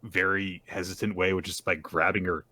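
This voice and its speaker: A man's voice: low-pitched, level tone, pushed and bright. A man co-hosting a podcast, casually recapping manga chapters and laughing often. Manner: retells scenes with quick acted quotes, laughs often.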